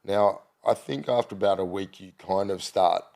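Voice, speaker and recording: A middle-aged man with an Australian accent and a fairly low voice rambles through stories as a podcast guest. He talks casually, full of ums, uhs and restarts, and he slips into the voices of people he is quoting. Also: normal speed, gravelly, a little mellow. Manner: rambling anecdotal storytelling with many fillers. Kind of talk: casual chat.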